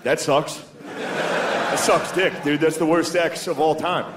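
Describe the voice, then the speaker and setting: A man's voice: fairly high pitch, fairly even intonation, takes it slowly. A man in his thirties doing a stand-up comedy set, telling loose, profane, self-mocking stories on a comedy club stage. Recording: live club set with crowd noise. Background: audience laughter.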